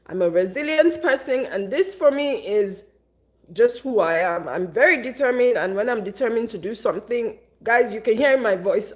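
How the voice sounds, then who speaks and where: A woman's voice: fairly high pitch, expressive, moderate pace. A young woman vlogging on a live stream, tearful and upset, venting in casual rambling chat.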